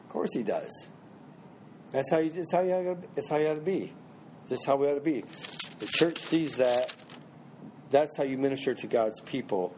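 Man, Bible study teacher, mellow tone, conversational, restarts phrases, faint background hum. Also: mid-range voice. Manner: conversational, repeats and restarts phrases, asks the group questions.

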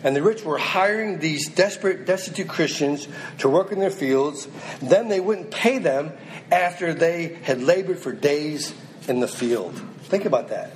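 A man delivers a sermon in a slightly raised voice, moving between steady scripture reading and urgent, pressing appeals to his listeners. A faint hiss of background noise sits under the recording. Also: on the high side, measured pace, rough recording. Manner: reads scripture then exhorts directly, rising and pressing. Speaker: preacher.

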